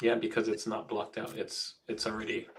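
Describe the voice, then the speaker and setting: An easygoing man chats on a podcast and backs up his co-hosts. His voice sits slightly low. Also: completely flat delivery, moderate pace. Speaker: podcast co-host. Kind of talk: casual podcast chat.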